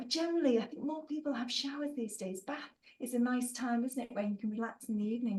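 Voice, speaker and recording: A woman's voice: fairly high pitch, darkish tone, a little hiss or hum, low-quality recording. A woman hosting a live online workshop, bubbly and playful, reading out chat replies with teasing asides and frequent laughter.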